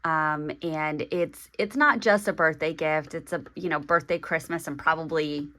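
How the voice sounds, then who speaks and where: A woman in her forties talking through an unboxing vlog, halting and hesitant, with many pauses and restarts. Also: deep voice, fairly even intonation, bright, forceful tone. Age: 40s. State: emotional, getting teary. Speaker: stationery vlogger.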